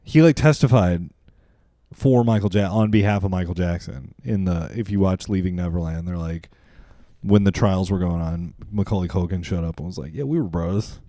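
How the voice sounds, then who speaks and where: Deep-voiced young man telling rambling stories. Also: normal speed, dark tone, no room sound. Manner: rambling storytelling, swearing, acting out quotes in silly voices. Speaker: podcast co-host. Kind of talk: casual late-night chat.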